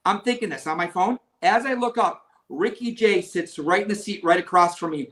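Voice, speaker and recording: A magician guest telling a lively story in casual conversation, with many restarts. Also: male voice, high voice, normal speed.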